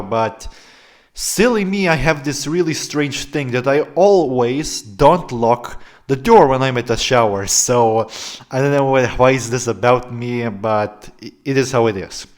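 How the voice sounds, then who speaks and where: Young guy doing a story-time vlog, laughs a lot, rambles with tons of like and uh, mid-pitched voice. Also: a little slow. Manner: rambling, laughs often, many fillers. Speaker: vlogger.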